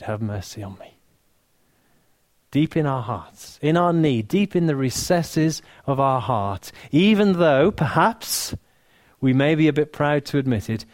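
A man with an English accent preaching a sermon, earnest and warm, dropping to soft, hushed lines for emphasis, with touches of dry humor. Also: mid-range voice, no echo. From England. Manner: earnest, softening to near-whisper on key lines, dry humor.

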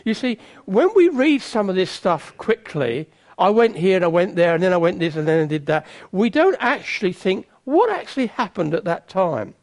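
Lively high-voiced preacher. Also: male voice, normal speed, hardly any pauses. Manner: conversational, self-mocking, teasing asides. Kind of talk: sermon.

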